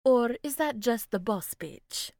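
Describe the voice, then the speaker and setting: Picture a bright, bossy young woman teasing her sleepy friend into getting up, her voice leaping around with energy, as a woman reads her. She sounds close and dry, with no room around her. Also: on the high side, lively intonation, slow, creaky, no echo, full character voice. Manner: teasing and upbeat.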